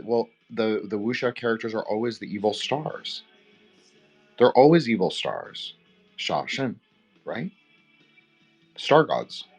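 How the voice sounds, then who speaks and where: A man co-hosting a roundtable podcast, talking in a loose, rambling way full of fillers. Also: fairly low pitch. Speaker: podcast co-host. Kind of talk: casual roundtable discussion.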